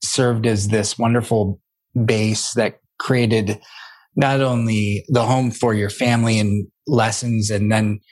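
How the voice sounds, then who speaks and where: A man hosting an interview, asking halting, encouraging questions with many restarts. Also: fairly low pitch, steady tone, darkish tone. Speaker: interview host. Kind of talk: podcast interview.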